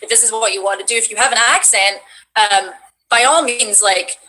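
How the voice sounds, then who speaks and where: Bright, chatty woman. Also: on the high side, normal speed, rough recording. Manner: rambling, many restarts, animated. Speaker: guest voice actress. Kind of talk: casual interview chat.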